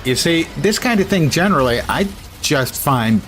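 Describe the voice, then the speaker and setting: A man's voice: on the high side, sing-song, moderate pace, a bit bright, faint music behind. An older man streaming a casual, blunt and dismissive reaction to a game showcase. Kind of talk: casual live reaction commentary.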